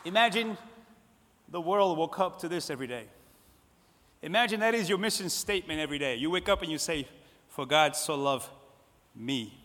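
Male preacher, bright and high-pitched, emphatic and then hushed in turns, sermon recorded in a reverberant sanctuary. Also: expressive, a little fast, pauses often. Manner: repetitive, swings between loud emphasis and soft hushed lines. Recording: long hall reverb.

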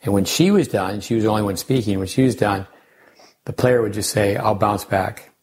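A man's voice: fairly low pitch, brisk, darkish tone, slight background noise. An older man, a tennis coach hosting a podcast, talking casually and rambling through coaching lessons and side stories. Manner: rambling, anecdotal, with restarts and sidebars.

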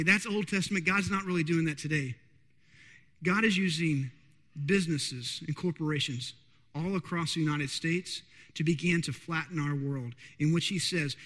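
A male pastor with a high, bright, forceful voice delivers a sermon in a large sanctuary, and the sound rings with long reverb. He keeps checking in with the congregation with quick questions. He moves between hushed, stretched-out lines and louder bursts.

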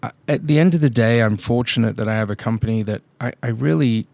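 A man's voice: medium pitch, quick pace, creaky, a little mellow, dry recording. A man who owns a drone company, a podcast guest telling blunt, emphatic stories and acting out his clients' lines. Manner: blunt, emphatic storytelling that acts out client dialogue. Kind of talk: casual podcast interview.

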